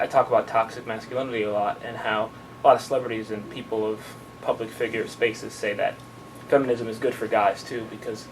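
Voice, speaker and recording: Audience man, earnest and halting, gravelly low voice, distant and noisy. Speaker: audience member sharing a view. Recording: distant mic, noisy room.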